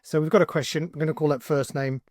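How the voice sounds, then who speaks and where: A man hosting a software tutorial, talking casually and thinking aloud with fillers as he builds something on screen. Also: fairly high pitch, steady tone, fast, no room sound, clean studio sound. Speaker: tutorial host, agency owner.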